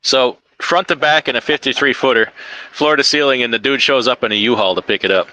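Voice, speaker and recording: This man hosts a casual live stream about trucking and keeps teasing his guest. His voice is bright and forceful. The sound is dry and close to the mic. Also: mid-range voice, fairly quick, dry recording, low-quality recording. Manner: joking, teasing.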